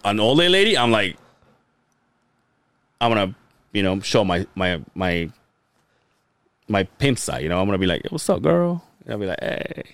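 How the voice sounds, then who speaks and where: A man's voice: mid-range voice, a bit bright, no room sound. A man co-hosting a podcast, telling a long, crude story in a rambling way and laughing often. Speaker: podcast co-host. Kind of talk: casual storytelling chat.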